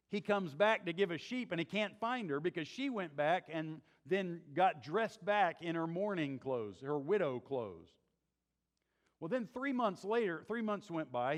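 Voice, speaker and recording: A man's voice: sits high, expressive, a little slow, long reverb tail. Folksy male Bible class teacher. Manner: conversational, folksy retelling with chuckling asides. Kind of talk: church Bible survey lesson.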